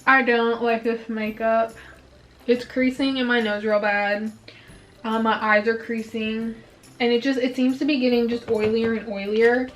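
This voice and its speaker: Young female beauty vlogger, slightly high voice, chatty and exasperated, short of breath, faint music underneath. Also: level tone, a little slow, low-quality recording. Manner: chatty, frustrated venting with filler "like". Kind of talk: casual makeup review chat. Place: indoors at home, filming herself.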